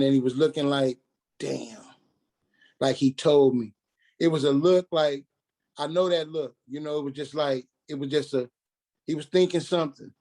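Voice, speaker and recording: Dark-voiced man telling a painful story. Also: medium pitch. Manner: halting, repeats and restarts, quoting others in dialogue. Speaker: guest telling his life story. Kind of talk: personal storytelling on a radio talk show.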